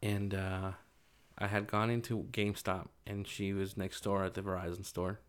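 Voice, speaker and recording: A man's voice: low-pitched, flat delivery, moderate pace, clean tone. A young man casually telling a personal story, loose and rambling, full of fillers.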